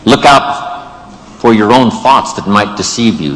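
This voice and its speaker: A man with a fairly low voice delivers an emphatic motivational speech, stacking phrase upon repeated phrase. He addresses a live audience in a large room with tables, and his voice rings with a long hall reverb. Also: lively intonation, measured pace, fairly bright tone. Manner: repetitive rhetorical lists, emphatic. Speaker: motivational speaker.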